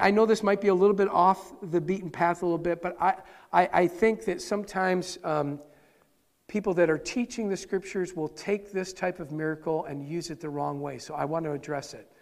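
Guy pastor preaching, kinda high voice, earnest, trips over words, echoey church hall. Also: vocal fry. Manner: earnest, animated preaching with frequent restarts. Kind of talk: sermon. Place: church sanctuary, live-streamed service.

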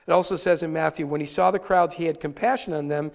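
A male pastor preaching a sermon live, earnest and animated, often restarting his words. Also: a little high, quick pace, creaky, long reverb tail. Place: church sanctuary, live-streamed service.

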